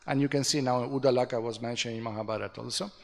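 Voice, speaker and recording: A man with a gravelly, mid-pitched voice teaches a relaxed scripture class. He talks conversationally, often checks in with a quick "no?", and chuckles at his own anecdotes. His voice carries a long reverb, as if in a big temple hall. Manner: conversational, tags remarks with "no?".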